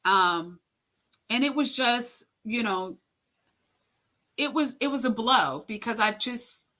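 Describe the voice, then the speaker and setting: A middle-aged woman, a guest on an interview, telling an emotional personal story haltingly with many fillers and acted-out quotes. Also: fairly high pitch, lively intonation, pushed and bright.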